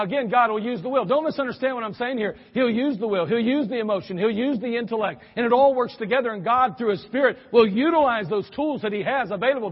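A man preaching a sermon in a church, animated and lively, acting out quoted reactions with sudden exclamations. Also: extremely high pitch, husky, in a large hall, dull audio.

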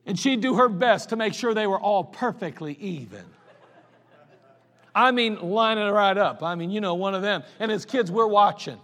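A male pastor preaching a folksy sermon, telling stories and swinging from loud to quiet. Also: high voice, normal speed. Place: church sanctuary. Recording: long hall reverb in a church.

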